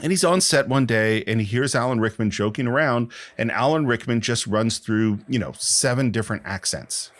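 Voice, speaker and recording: A man's voice: medium pitch, normal speed, hardly any pauses. A man co-hosting a film podcast, telling behind-the-scenes stories in casual chat and laughing often. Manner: animated storytelling, laughs often.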